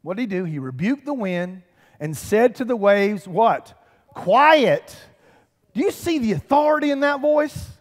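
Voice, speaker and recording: A man, preaching a lively, conversational sermon with humor and calls to the congregation. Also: high-pitched, normal speed. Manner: animated, conversational preaching with humor and audience call-outs. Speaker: pastor. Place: church sanctuary. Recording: church hall reverb.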